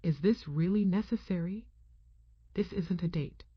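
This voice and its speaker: A woman voicing a guarded young Irish woman who asks wary questions, in a husky, low voice. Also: measured pace, no echo. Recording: dull, muffled dry sound.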